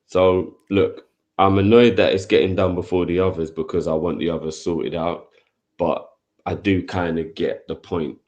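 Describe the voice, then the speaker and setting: Man, very deep voice, calm, measured, casual football chat. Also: lo-fi sound. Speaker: football podcast co-host.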